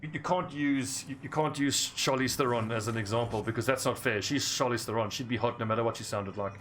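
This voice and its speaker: A gaming streamer with an English South African accent chats and rambles casually during gameplay, laughing easily. His voice is medium-pitched and a little fast, with background noise present.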